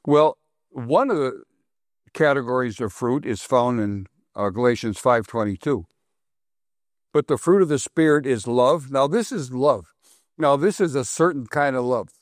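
A man's voice: mid-range voice, lively intonation, unhurried, no echo, clean studio sound. A man preaching a sermon to his congregation, repeating phrases for emphasis and putting questions to the listeners. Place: congregation hall.

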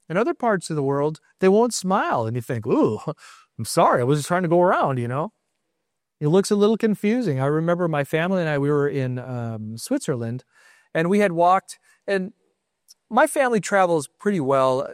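A man's voice: fairly high pitch, dry recording, studio quality. A middle-aged American man giving a sermon in a conversational, storytelling way, stressing his points with short affirmations. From United States. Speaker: congregation leader.

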